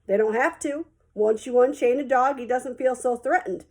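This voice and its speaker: A woman doing a calm, friendly vet man. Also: high voice, moderate pace. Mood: patient explaining. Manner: soft, calm, reassuring. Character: tall, friendly, calm male veterinarian.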